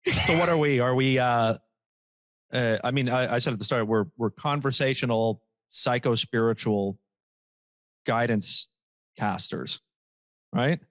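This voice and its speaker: A man's voice: medium pitch, measured pace, long pauses, a bit bright, no echo. A man co-hosting a casual comedy podcast, joking, reading quotes aloud mockingly and laughing often. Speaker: podcast co-host.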